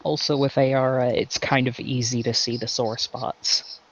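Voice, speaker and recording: A man's voice: mid-range voice, level tone, a little slow, fairly bright tone. A man, a player, chatting casually and often laughing. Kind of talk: casual chat.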